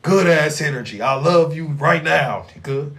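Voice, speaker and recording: A man imitating a laid-back friend who talks in a slow, mumbled, drawn-out way. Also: on the high side, expressive, vocal fry, fairly bright tone. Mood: mellow.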